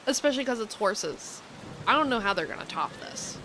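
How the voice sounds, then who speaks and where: A woman's voice: a little high, lively intonation, fairly quick, background noise. A young woman from the United States chatting in a rambling way, with plenty of ums and likes, as she streams a cozy game. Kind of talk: casual live-stream chat while playing.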